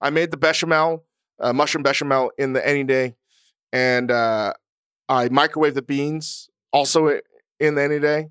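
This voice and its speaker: Smooth-voiced man, blunt and profane. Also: medium pitch, steady tone, normal speed, a bit bright, dry recording, clean studio sound. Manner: blunt, profane, self-mocking. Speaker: podcast co-host. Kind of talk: casual chat.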